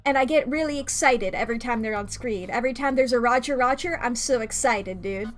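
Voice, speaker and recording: A woman's voice: on the high side, brisk, soft background music. A young woman streaming a video game, rambling casually and laughing often. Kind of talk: casual gameplay chat.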